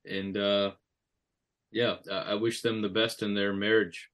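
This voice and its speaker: A man's voice: fairly low pitch, little pitch movement, a little slow, fairly bright tone. A man co-hosting a podcast in casual chat, joking and teasing his partner. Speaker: podcast co-host.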